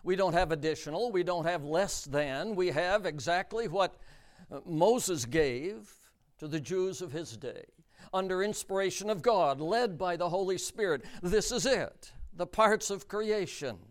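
A man preaching a sermon, emphatic and deliberate, repeating key words for stress. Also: sits high, animated.

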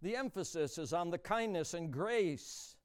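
Dramatic high-pitched male preacher, smooth. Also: expressive, measured pace. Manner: dramatic, swings between hushed and booming, stretches key words. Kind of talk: sermon.

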